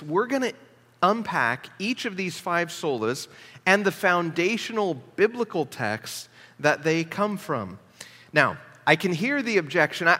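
A male pastor preaching a teaching sermon in earnest tones, often pausing with "uh" fillers. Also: a little high, sharp tone, big-room sound. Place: church sanctuary.

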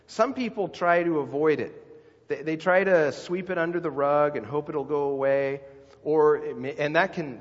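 A middle-aged man preaching a sermon as a pastor, talking in a conversational way and putting questions to the congregation. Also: on the high side. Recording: dull sound with long hall reverb.

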